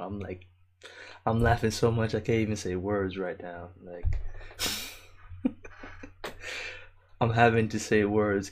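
Slangy young man hosting a livestream. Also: lowish voice. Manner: loose, slangy and profane, often laughing; reads viewer comments aloud warmly. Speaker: livestream host. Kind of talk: casual livestream chat.

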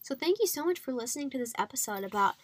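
A woman's voice: high voice, lively intonation, quick pace. A young adult woman hosting a podcast, chatty and encouraging, with frequent fillers. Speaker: podcast host. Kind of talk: faith-based health podcast monologue.

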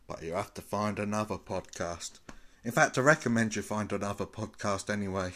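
A man's voice: fairly low pitch, a bit bright. A man hosting a small solo podcast, rambling and self-mocking as he trips over his own wordplay. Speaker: podcast host. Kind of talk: casual solo podcast chat.

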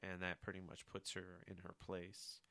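A man's voice: low-pitched, completely flat delivery, moderate pace, gravelly, pushed and bright, dry recording. A man co-hosting a casual comic book talk, laughing often and acting out the characters' lines. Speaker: podcast co-host.

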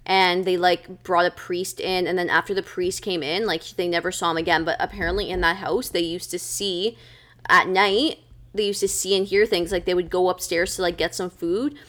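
A woman's voice: fairly low pitch, steady tone, normal speed, fairly bright tone. Chatty young woman podcasting. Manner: chatty, filler-heavy storytelling. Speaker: podcast co-host. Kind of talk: casual chat.

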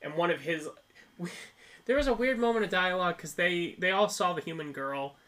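A man co-hosting a podcast, recapping a film in casual chat, animated and laughing often. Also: high-pitched, moderate pace. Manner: animated storytelling with frequent laughs. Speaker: podcast co-host.

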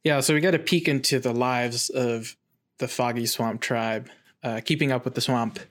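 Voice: mid-range voice, steady tone, moderate pace. A podcast co-host casually narrating plot points, with a self-deprecating manner. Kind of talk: casual episode recap chat.

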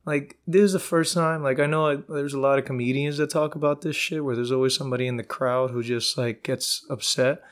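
A man's voice: mid-range voice, steady tone, brisk, hardly any pauses. A man hosting a solo podcast, telling stories in a profane, rambling way. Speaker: podcast host. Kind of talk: casual solo podcast monologue.

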